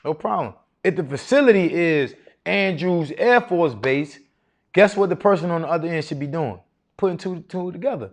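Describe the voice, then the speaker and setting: A man's voice: fairly high pitch, animated, moderate pace. A man teaching a live seminar to an audience in a room, casual and confident, often asking the crowd rhetorical questions. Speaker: seminar speaker teaching contracting.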